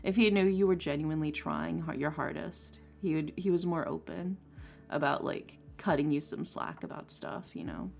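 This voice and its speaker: Her low-pitched, creaky voice has lively intonation and a normal speed as she chats while drawing on stream. The young woman rambles through her story, peppered with "like" and "um," over soft lo-fi music.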